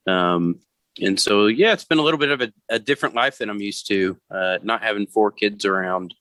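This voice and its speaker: A man in his thirties co-hosting a podcast, talking casually and haltingly with lots of fillers. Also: fairly low pitch, fairly bright tone, no echo. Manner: halting, with many ums and uhs. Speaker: podcast co-host. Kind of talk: casual chat.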